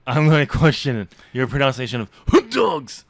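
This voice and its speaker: A man's voice: mid-range voice, big pitch swings, moderate pace, creaky, no echo. A man hosting a casual podcast, teasing his co-host with sarcasm and hesitant ums. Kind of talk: casual banter.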